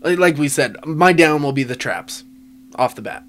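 A man's voice: a little high, expressive, normal speed, a bit bright, slight background noise. A man co-hosting a casual movie review podcast, swearing freely, laughing often and restarting his sentences. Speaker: podcast co-host.

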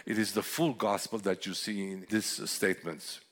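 Male preacher, deep-ish voice, earnest and reflective. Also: little pitch movement, normal speed, a bit bright. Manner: earnest, reflective storytelling with scripture readings. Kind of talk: sermon.

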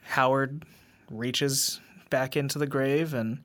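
Slow, bright-toned male podcast co-host. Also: medium pitch, fairly even intonation. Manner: unhurried plot recap with fillers. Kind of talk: casual film review chat.

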